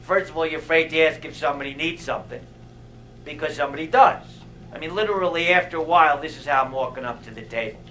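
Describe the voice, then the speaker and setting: A middle-aged male comedian works a theater crowd with a high, bright voice. He talks slowly and wryly, leaving deadpan pauses after each punchline, and faint room ambience sits underneath. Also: slight background noise, poor audio. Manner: wry, deadpan delivery with long pauses for laughs. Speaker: stand-up comedian. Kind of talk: stand-up comedy routine. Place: theater stage.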